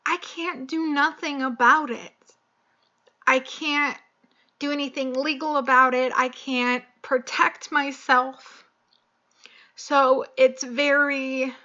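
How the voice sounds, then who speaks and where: A young woman speaks slowly in a fairly high, bright voice, her delivery flat and halting with frequent pauses. She sounds tearful and choked up as she confides in a personal vlog. The recording is dull and lo-fi. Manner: slow, halting and emotional, with many pauses and fillers. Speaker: vlogger.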